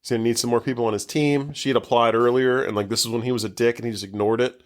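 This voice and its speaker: A man's voice: medium pitch, fairly even intonation, rapid-fire. A man co-hosting a podcast, casually recapping a movie plot in a rambling way, swearing freely and saying "like" constantly. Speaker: podcast co-host.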